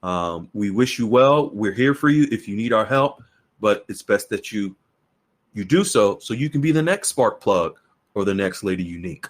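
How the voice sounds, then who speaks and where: A man's voice: lowish voice, animated, normal speed. A man hosting a podcast in an earnest, repetitive way, often restarting his sentences. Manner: earnest, repeats words and restarts. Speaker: podcast host. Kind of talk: casual podcast talk.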